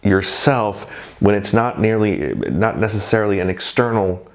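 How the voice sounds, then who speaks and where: A man's voice: on the low side, unhurried. A man talking casually about his first night in drag, rambling and self-deprecating.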